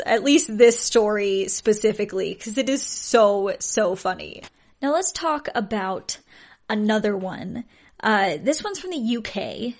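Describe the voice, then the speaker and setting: High-voiced woman podcast host, incredulous. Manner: incredulous, often laughing at the stories. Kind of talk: casual storytelling chat.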